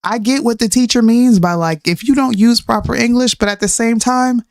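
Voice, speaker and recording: A woman in her thirties, a podcast co-host, chatting casually and ranting in an animated way, mixing in slang and laughs. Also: a little high, normal speed, no echo, clean studio sound. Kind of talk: casual chat.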